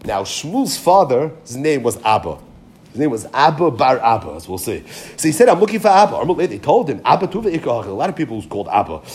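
A man giving a Talmud class, reading each line of the text, then translating it and retelling it with animated emphasis. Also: medium pitch, fast talker. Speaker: Talmud teacher.

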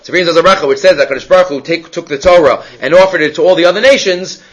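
A man giving a Talmud class, animated, mixing in Hebrew and Aramaic terms and restarting his sentences. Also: fairly high pitch, racing, highs cut off. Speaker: Talmud teacher.

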